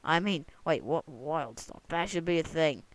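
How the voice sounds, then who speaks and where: A young adult rambling jokily through gameplay commentary, breaking into sudden excited whoops now and then. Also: medium pitch, moderate pace, dry recording, poor audio. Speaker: gamer recording gameplay commentary. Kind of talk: casual let's-play commentary. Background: other people talking in the room.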